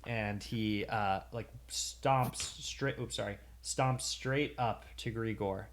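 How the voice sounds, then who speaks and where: Casual: dude running a dnd game on stream, lots of ums and restarts. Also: male voice, on the low side, takes it slowly, a little hiss or hum. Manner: rambling, hesitant with many fillers. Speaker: game master. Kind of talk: narrating a tabletop game on a stream.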